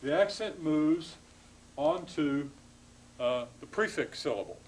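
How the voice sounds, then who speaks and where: A man's voice: fairly high pitch, lively intonation, takes it slowly, a little hiss or hum, poor audio. A man giving a classroom lecture to students, explaining patiently with frequent hesitations and restarts.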